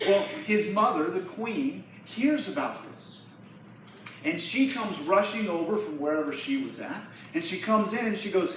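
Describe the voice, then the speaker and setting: A young man preaches to a youth group and retells a Bible story casually. His voice sits a little high. It booms around a large echoey hall, picked up from far off, with faint room noise behind it. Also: lively intonation, unhurried, a bit bright. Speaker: youth pastor. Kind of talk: sermon. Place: church hall.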